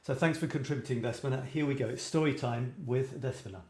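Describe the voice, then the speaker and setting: A man's voice: medium pitch, fast talker, darkish tone. A British man hosting a live creative writing show, reading viewers' writing aloud and chatting in a rambling, self-deprecating way. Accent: British English. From Britain. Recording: roomy echo.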